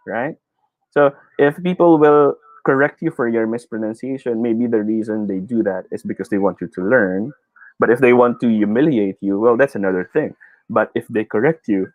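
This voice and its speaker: A man's voice: mid-range voice, darkish tone, dry recording, rough recording. A man with a Filipino accent teaching an online speech class, encouraging, mixing Tagalog and English and chuckling often, heard over a video call.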